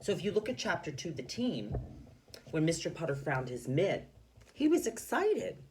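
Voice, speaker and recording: A male teacher giving an expressive reading lesson to children, explaining how to voice story characters. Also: on the high side, normal speed, slight background noise.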